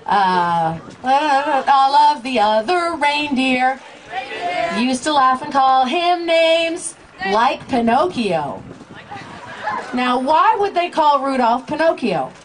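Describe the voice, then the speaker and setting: A woman's voice: sits high, expressive, slow pace, background noise. An American woman on stage with a microphone, playfully leading a crowd through a call-and-response song at a live concert. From United States. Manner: playful and teasing, coaxing the crowd. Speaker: children's singer performing live. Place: outdoor Christmas lights event, crowd. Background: backing music and crowd.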